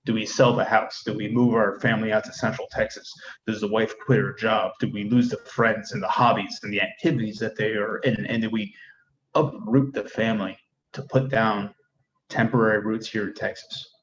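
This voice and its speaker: In a relaxed conversation, this guest, a middle-aged Army first sergeant, speaks frankly about family life in a rambling manner full of restarts. He has a lowish voice, fairly even intonation, and a moderate pace, captured in a muffled, lo-fi recording with faint background noise.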